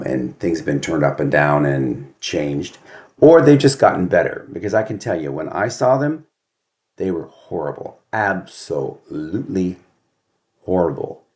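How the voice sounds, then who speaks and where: A cranky older man talks into his computer at home, low in pitch and dry in his sarcasm. He grumbles through his complaints, firing off rhetorical questions in a loose, conversational monologue. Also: a little mellow. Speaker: host. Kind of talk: casual monologue vlog.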